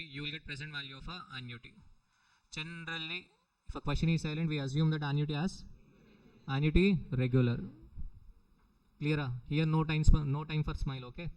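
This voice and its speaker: A man's voice: a little high, steady tone, fairly quick, rough recording. A middle-aged man with an Indian English accent, teaching a recorded exam-prep lecture, repeating points and often checking with the students. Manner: repetitive, questioning the students often.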